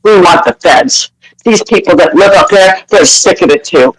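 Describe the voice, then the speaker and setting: A woman's voice: fairly low pitch, lively intonation, normal speed, husky, low-quality recording. A woman from Canada calling in to a live audio chat room, ranting heatedly with swearing and apologizing in between. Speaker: caller.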